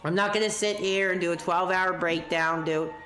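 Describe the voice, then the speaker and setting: A man's voice: high voice, fairly even intonation, sharp tone, reverberant, soft background music. A sick male streamer hosting a live call-in show, agitated and ranting. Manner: agitated, ranting, quick to curse. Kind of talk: livestream rant and call-in chat.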